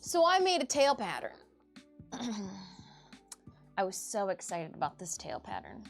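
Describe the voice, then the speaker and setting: Woman, streamer, casual chat, unhurried, soft music behind. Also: mid-range voice, gravelly. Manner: chatty and animated.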